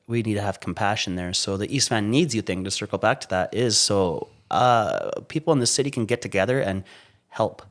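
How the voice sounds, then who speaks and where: Fast-talking man telling stories. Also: fairly low pitch. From Vancouver, Canada. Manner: animated, swears freely, laughs through stories, quick restarts. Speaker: podcast guest. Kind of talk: casual storytelling.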